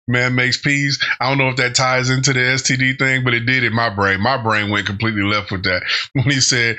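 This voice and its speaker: A man's voice: mid-range voice, steady tone, moderate pace, bright, forceful tone. A man hosting a reaction channel, giving casual commentary and going off on rambling tangents with frequent laughter.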